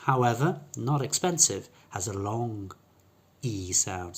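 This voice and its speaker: A man's voice: mid-range voice, measured pace. A man teaching English pronunciation, explaining patiently with fillers and restarts and demonstrating sounds by contrasting them. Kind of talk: pronunciation lesson.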